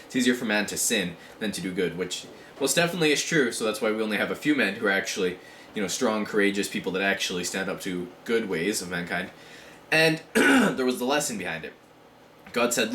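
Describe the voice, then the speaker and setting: A man talking casually in a rambling vlog monologue, with many fillers and frequent throat clearing. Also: lowish voice, animated, a little fast, bright, forceful tone, echoey room, a little hiss or hum. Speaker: vlogger.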